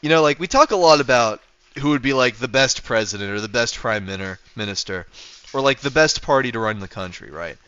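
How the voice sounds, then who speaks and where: A male streamer rambles easily through casual livestream chat, circling back with fillers and restarts. His voice is bright and forceful, with a smooth, crisp clarity. The sound is dry and close, but slightly dull and lo-fi. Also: medium pitch, animated, fairly quick, no room sound. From North America. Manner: rambling, full of fillers and restarts, chuckling often.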